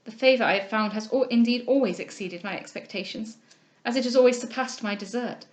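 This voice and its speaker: A woman reading a novel aloud, voicing an anxious, earnest young gentleman who pleads with the heroine. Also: a little high, a little fast, close to an everyday voice. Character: ardent, humble young gentleman suitor, anxious. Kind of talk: audiobook character reading.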